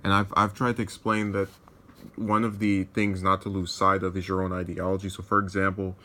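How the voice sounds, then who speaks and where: The voice is a young man's, deep and held in a narrow, even range. He reads news items and comments on them with dry sarcasm, circling back and correcting himself as he goes. The tone stays steady and level. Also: fairly quick. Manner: sardonic, digressive, with frequent restarts. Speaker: political commentator.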